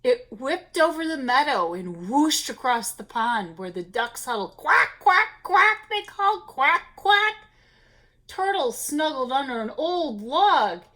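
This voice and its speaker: A woman reads a children's picture book aloud for story time, breaking in with gasps and little asides to her young listeners. Her voice is high and swoops widely. She takes her time over every line.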